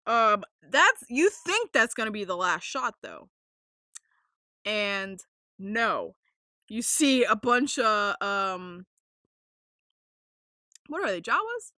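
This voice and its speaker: A young woman hosting a casual podcast, rambling with lots of fillers, swearing freely and getting excited. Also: medium pitch, slow, long pauses, no room sound, clean studio sound. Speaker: podcast host.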